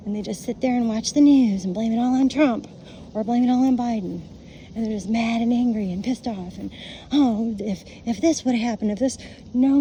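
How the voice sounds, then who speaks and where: A middle-aged woman with a slightly high voice films herself on her phone during a nature walk outdoors, with noise in the background. The vlogger delivers a blunt, profane, ranting casual monologue.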